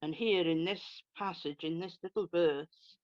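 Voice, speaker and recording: A speaker explaining a Bible passage in a measured, expository way with light touches of humor. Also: medium pitch, dry recording, highs cut off. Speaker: Bible study co-presenter. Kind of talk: conversational Bible study discussion.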